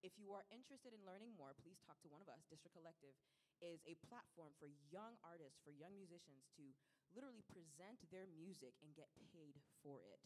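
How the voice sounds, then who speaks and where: A woman's voice: lowish voice, expressive, a little fast, a little mellow. A young singer-songwriter in her twenties, chatting casually and a little nervously between songs, with frequent laughs. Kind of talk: casual stage banter. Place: live concert stage in a large hall. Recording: reverberant concert hall.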